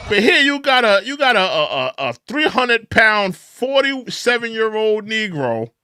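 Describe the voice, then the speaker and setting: A man with a high, bright voice that leaps all over the place. He is an opinionated commentary host who mocks and repeats himself for emphasis. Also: measured pace, smooth, dry recording, studio quality. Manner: mocking, repetitive and animated.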